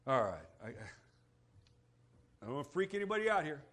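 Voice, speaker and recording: A man preaching a sermon to his congregation, dropping to a hush and then rising to shouts, calling for amens. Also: fairly high pitch, sing-song, measured pace, husky. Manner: dramatic preaching, swings from hushed to shouting; calls for amen from congregation. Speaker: pastor. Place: church sanctuary.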